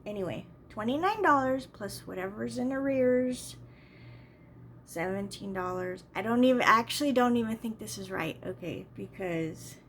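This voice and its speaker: Woman vlogger with a slightly high voice, casual, exasperated storytelling. Faint background noise. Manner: rambling, exasperated, repeats herself.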